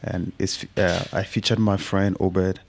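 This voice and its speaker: Laid-back deep-voiced man from Ghana. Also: unhurried, slight background noise. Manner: relaxed, laughs easily. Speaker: guest musician. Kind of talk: casual chat.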